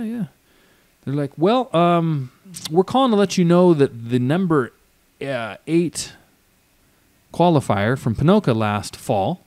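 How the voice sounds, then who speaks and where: A man telling a story on a podcast, lively and laughing often, acting out what people said to him. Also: medium pitch, no room sound. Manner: animated, laughs often, acts out quotes. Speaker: podcast guest, auctioneer and trucker. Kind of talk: casual storytelling.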